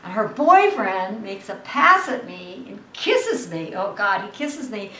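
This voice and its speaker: Animated actress guest, roomy far-off sound. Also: female voice, mid-range voice, measured pace. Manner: lively, acts out the people in her story. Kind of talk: animated anecdote telling. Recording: roomy, distant mic, faint hiss.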